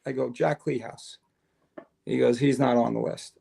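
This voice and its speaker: Gravelly older New man telling stories. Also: mid-range voice, moderate pace. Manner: animated storyteller, acts out dialogue. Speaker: podcast guest, retired fire chief. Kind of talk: casual storytelling interview.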